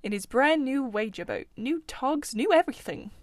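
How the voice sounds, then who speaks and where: A woman's voice: high-pitched, expressive, normal speed, no echo. A woman voicing a jolly, talkative male otter in a storybook reading. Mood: hearty.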